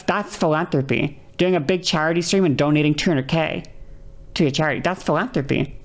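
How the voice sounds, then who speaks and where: A woman's voice: deep voice, darkish tone. A woman streamer arguing heatedly with her chat, exasperated and swearing often as she rants.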